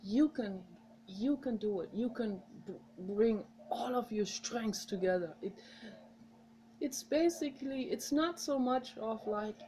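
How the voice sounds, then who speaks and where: A woman's voice: fairly high pitch, a little slow, warm tone, a little hiss or hum, rough recording. A woman with a mother tongue, talking straight to her viewers in a rambling, heartfelt, encouraging way. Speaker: vlogger. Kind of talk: casual direct-to-camera monologue.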